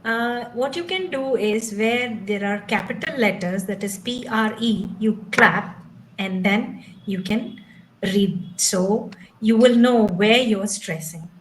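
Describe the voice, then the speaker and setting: Slow, patient woman teaching online. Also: medium pitch, slight background noise, low-quality recording. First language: not English. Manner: slow, patient, explains step by step. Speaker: trainer teaching English pronunciation. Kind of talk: online training session. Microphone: video call.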